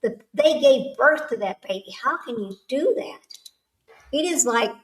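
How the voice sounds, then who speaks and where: A woman's voice: high voice, expressive, measured pace. Older woman, livestream host, rambling chatty manner with laughs; sits back from the mic. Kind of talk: casual chat with live chat. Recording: echoey room, far from the mic.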